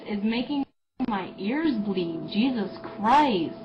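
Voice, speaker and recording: A woman's voice: medium pitch, expressive, slow pace, lo-fi sound, background noise. A woman in an online argument, exasperated and insulting.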